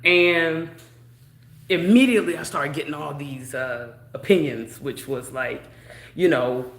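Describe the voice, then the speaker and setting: A young woman casually telling a personal story in a chatty, drawn-out way, peppered with "you know". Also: sits low, lively intonation. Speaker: vlogger. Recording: echoey room.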